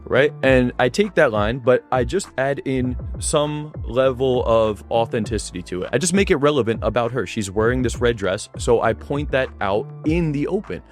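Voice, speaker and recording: Energetic dating coach explaining a clip. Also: male voice, mid-range voice, moderate pace, few pauses, soft background music. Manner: energetic, instructive, acts out his own lines. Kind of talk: video breakdown voice-over.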